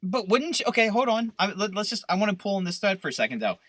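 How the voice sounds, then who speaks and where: A man co-hosting a podcast, riffing through profane, animated rants in casual banter. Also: high voice, fast talker, dry recording. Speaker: podcast co-host.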